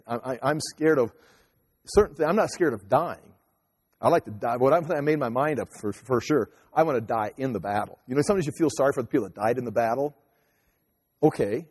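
A man in his fifties telling a personal story casually, rambling with many halting restarts. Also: mid-range voice, a little mellow, husky. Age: 50s. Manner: rambling, halting restarts, acts out voices in quotes. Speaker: teacher and speaker. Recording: long hall reverb.

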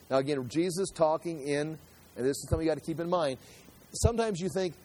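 A man's voice: a little high, a little fast, pauses often, warm tone. A man preaching a sermon, explaining scripture in a conversational way and acting out the people he quotes. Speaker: pastor.

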